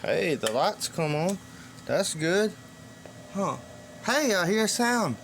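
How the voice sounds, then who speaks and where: Loud, high-voiced joking DIY man. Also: sing-song, slow, a little hiss or hum. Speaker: channel host, circuit bender. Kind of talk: casual DIY vlog.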